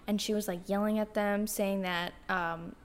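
A woman's voice: medium pitch, normal speed, a little hiss or hum. A young woman co-hosting a podcast, telling a story in casual chat with lots of fillers and acted-out quotes. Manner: animated storyteller, many fillers, acts out quotes. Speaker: podcast co-host.

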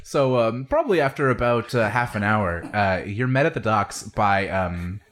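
A man narrating a sci-fi tabletop role-playing game as game master, relaxed with many fillers. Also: on the low side, normal speed. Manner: relaxed, many ums and uhs.

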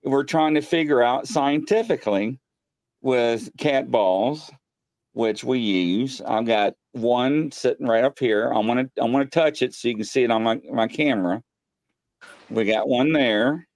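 A man hosting a live paranormal show from his home studio, telling ghost stories excitedly and acting out what people said. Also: medium pitch, unhurried, dry recording. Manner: excitable storyteller, acts out quotes. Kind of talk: casual live-stream chat. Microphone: desk mic.

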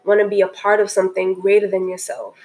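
A woman's voice: mid-range voice, level tone, fast talker, a little mellow, rough recording. A woman talking casually and earnestly about a documentary that moved her, often restarting her sentences. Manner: earnest and emotional, many restarts. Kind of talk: casual spoken film review.

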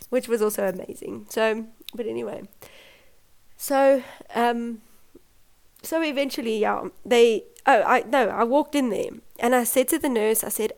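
A woman's voice: fairly high pitch, normal speed, vocal fry, darkish tone. Emotional woman telling her birth story. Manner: emotional, laughs often, acts out quoted voices. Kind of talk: personal storytelling.

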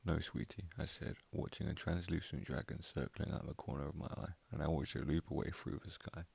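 A man reading a first-person story aloud in a gentle, measured way, over loud background music. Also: a bass voice, steady tone, vocal fry, breathy edge. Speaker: narrator.

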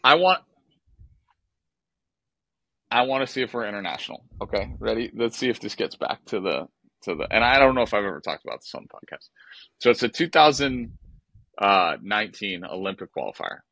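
A lower-pitched man with a bright, forceful tone tells stories on a podcast in a profane, exasperated style. The mic is close and the sound is dry. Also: brisk, creaky, long pauses, dry recording, low-quality recording. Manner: animated, profane, exasperated storytelling. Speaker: podcast co-host, former baseball player. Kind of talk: casual podcast storytelling.

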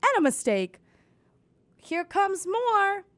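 A woman's voice: very high voice, sing-song, slow, no room sound. A young woman hosting a casual comedy podcast, sarcastic and swearing freely, mocking quotes in put-on voices. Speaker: podcast host.

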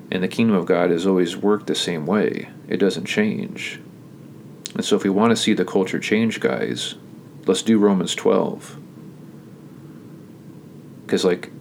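Deep-voiced earnest preacher man. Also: gravelly, a little hiss or hum. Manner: earnest, conversational, repeats words, often says "guys". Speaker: podcast host. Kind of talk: casual preaching and prayer.

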